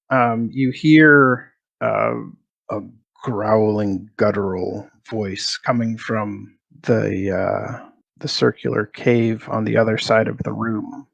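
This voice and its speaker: A man's voice: on the low side, creaky, fairly bright tone, no room sound. A man narrating as game master of a tabletop game, describing scenes and asking players for checks.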